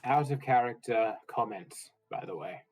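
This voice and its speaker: A man's voice: medium pitch, moderate pace, soft background music, rough recording. A man chatting out of character with his tabletop group over a voice call, joking and laughing often. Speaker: player. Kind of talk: casual out-of-character chat. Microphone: online voice call.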